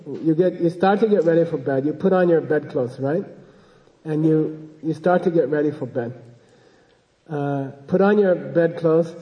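A man's voice: fairly high pitch, big-room sound, muffled recording. A man giving an informal dharma talk as a Buddhist teacher, rambling and joking and often checking in with his listeners.

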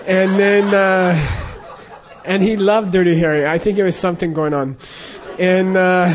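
A high-pitched man with fairly even intonation tells a casual story at a moderate pace. His telling rambles, with lots of fillers and restarts, and he laughs often.

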